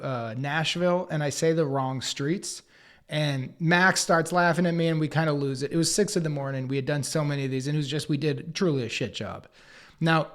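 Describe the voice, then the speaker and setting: A comedian and podcast co-host, a man, telling anecdotes in an animated way and acting out other people's lines. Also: a little high. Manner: acts out others' lines in quick put-on voices; swears casually, riffs fast.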